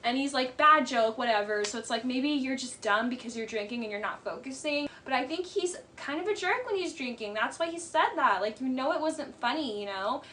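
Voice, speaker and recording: A woman's voice: high voice, lively intonation, fairly quick, few pauses, a bit bright, a little hiss or hum. A woman giving blunt, sarcastic casual commentary on a reality show and mimicking the people in it. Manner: blunt, sarcastic, mocking impressions.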